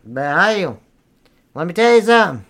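A young man co-hosting a podcast, talking loud and crude, cracking jokes and cursing freely. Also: sits high, sing-song, moderate pace. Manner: rowdy, profane, joking. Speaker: podcast co-host. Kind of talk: crude casual chat.

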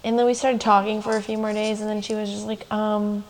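A woman's voice: medium pitch, level tone, a little fast, rough recording. A young woman co-hosting a podcast, telling a personal story in a loose, chatty way full of "like" and laughing asides. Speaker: podcast co-host. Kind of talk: casual storytelling chat.

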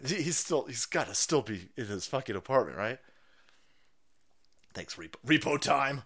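A man hosting a live stream, ranting in a foul-mouthed way, breaking into loud mocking impressions and laughter. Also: mid-range voice, expressive, normal speed, long pauses. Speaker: streamer host.

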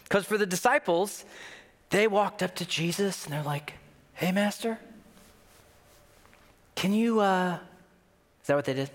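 A man preaching a sermon in an animated way, often acting out the voices of the people he quotes. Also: high-pitched, moderate pace, pauses often. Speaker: pastor. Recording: long hall reverb.

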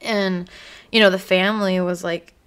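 A woman's voice: lowish voice, steady tone, normal speed, a bit bright, clean tone. A woman chatting casually about a TV episode, gushing and giggling, with lots of fillers. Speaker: episode reviewer. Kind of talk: casual chat.

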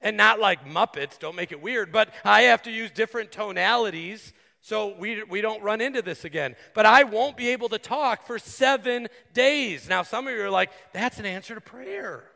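A man preaching a sermon as pastor, earnest and conversational, with quick asides to the congregation. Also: high-pitched, creaky, bright, forceful tone. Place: church sanctuary. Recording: long hall reverb.

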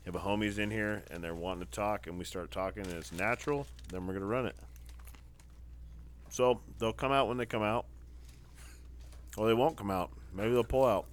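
A man's voice: deep voice, a little hiss or hum. A man hosting a casual podcast, talking loose, profane and laughing with friends. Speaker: podcast host. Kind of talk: casual drunken podcast chat. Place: shop or garage.

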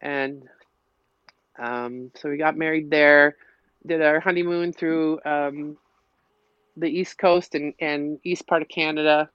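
A woman's voice: sits low, fairly even intonation, takes it slowly, long pauses, clean tone, dry recording. A middle-aged woman with a Minnesota accent, chatting as a podcast guest in a rambling, storytelling way. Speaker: podcast guest, local piper. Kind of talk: casual interview chat. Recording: slightly muffled, dull audio.

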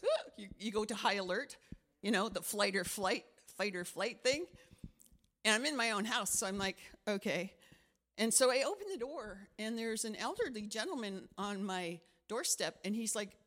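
A middle-aged woman pastor giving a conversational sermon, telling a personal story and acting out the voices in it. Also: mid-range voice. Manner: animated storytelling with acted-out quotes.

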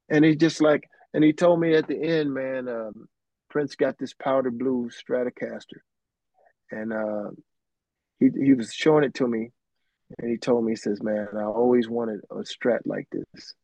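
A man's voice: mid-range voice, steady tone, moderate pace, a little mellow, dry recording, dull audio. A middle-aged man, a keyboardist guest telling rambling anecdotes full of restarts and "man". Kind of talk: casual storytelling.

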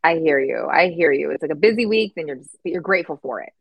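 A woman co-hosting a casual podcast over a video call, animated and giggly, quick to agree. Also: deep voice, gravelly, breathy edge, no room sound. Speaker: podcast co-host. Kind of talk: casual chat. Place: home in Los Angeles.

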